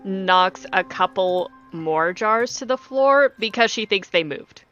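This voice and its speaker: Woman game master, bright tone, narrates at a deliberate pace over a lo-fi stream line. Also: mid-range voice, expressive, faint music behind. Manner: unhurried, thinking aloud. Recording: dull lo-fi stream audio.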